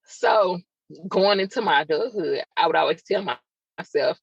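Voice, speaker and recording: Husky and creaky, her lowish voice has lively intonation at a normal speed as this podcast host confides a raw, emotional personal story with chatty asides to listeners. The sound is dry and dull, lo-fi.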